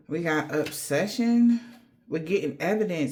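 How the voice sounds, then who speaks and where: A woman's voice: on the low side, unhurried. Slangy woman giving a tarot reading. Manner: slangy, rambling, talks straight to the viewer. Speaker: tarot reader.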